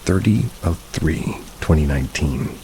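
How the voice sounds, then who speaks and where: Deep, gravelly man reading horror stories, measured. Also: expressive, darkish tone, a little hiss or hum, poor audio. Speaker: horror story narrator. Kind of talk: scripted narration of reader stories.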